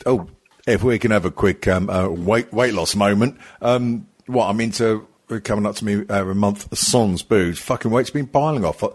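A man's voice: lowish voice, normal speed, slightly rough. A man in casual podcast banter, teasing crudely and laughing often. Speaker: podcast co-host.

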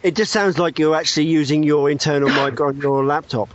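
Teasing podcast cohost guy, bit high voiced, dull muffled audio. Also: steady tone, background noise. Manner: teasing, quick with cheeky jokes. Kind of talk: casual chat on a podcast.

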